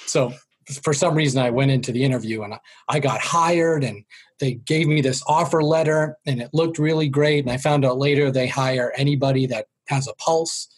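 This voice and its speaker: Husky Boston man telling stories. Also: mid-range voice, moderate pace. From Boston area. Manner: self-deprecating, jokey, drops voice for quoted parents. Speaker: sales trainer, guest. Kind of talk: storytelling interview.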